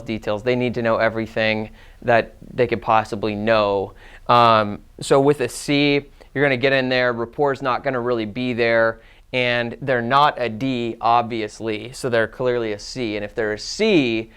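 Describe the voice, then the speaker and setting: A young adult man teaches sales in a casual, fast-paced way, now and then acting out what he would say to a customer. His voice is smooth and resonant, at a mid pitch for a man. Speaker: sales trainer. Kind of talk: instructional talk with role-played sales lines.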